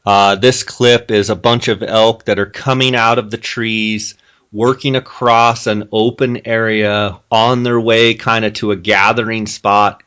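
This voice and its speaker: A man's voice: lowish voice, clear, resonant tone. A man hosting an outdoors podcast, chatting casually and recapping things for listeners. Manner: relaxed, conversational, recaps for listeners. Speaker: podcast host. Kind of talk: casual interview chat.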